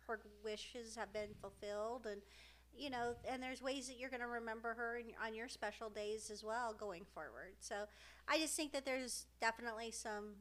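A woman's voice: a little high, moderate pace, a bit bright. A middle-aged woman co-hosting a podcast, talking in an earnest, rambling, emotional way about family and friendship. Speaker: podcast co-host. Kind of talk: casual heartfelt podcast chat.

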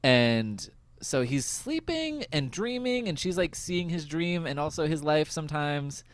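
A male podcast host chatting casually about a TV episode, laughing often and filling pauses with "um.". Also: fairly high pitch, very animated, clear, resonant tone. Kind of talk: casual chat recapping a TV episode.

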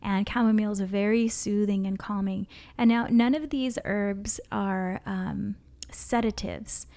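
Brief: female podcast co-host, medium pitch, fry in the voice, relaxed explanatory chat. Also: measured pace.

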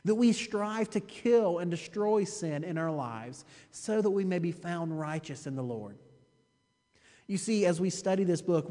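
In a high-pitched, slightly mellow voice, a pastor delivers an emphatic sermon, repeating phrases for emphasis and frequently addressing listeners with a rhetorical "you see." The sound has a long reverb tail.

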